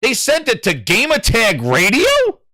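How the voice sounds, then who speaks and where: Brief: New York man hosting a gaming stream, jokey and repetitive, slow-paced and swinging widely in pitch. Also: no room sound, clean studio sound. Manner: animated, jokey, repetitive for emphasis. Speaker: livestream host. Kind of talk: casual gaming livestream commentary.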